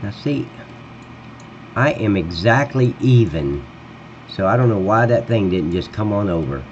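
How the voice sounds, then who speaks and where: A man's voice: on the low side, animated, unhurried. A man live-streaming a farm game, swearing at the game and then chatting easily with his viewers. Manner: swears and grumbles at the game, then talks warmly to chat. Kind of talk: casual live-stream chat while modding a farm game. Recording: dull lo-fi sound with faint hum.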